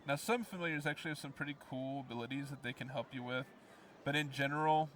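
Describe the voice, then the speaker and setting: A man's voice: mid-range voice, fast, a bit bright, far from the mic. A young man from the US Midwest giving casual let's play commentary, explaining as he goes with plenty of ums. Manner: rambling, explanatory, lots of ums.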